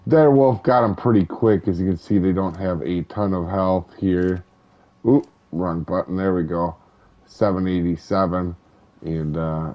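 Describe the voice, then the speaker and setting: A man hosting a gaming channel, chatting casually over gameplay in a relaxed, rambling way with many ums and uhs. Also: low voice. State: hiccups. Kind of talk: casual let's-play commentary.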